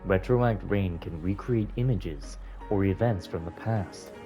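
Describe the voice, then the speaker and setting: A man voicing a calm, measured hero character in a video game. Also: sits low, dull audio, over music.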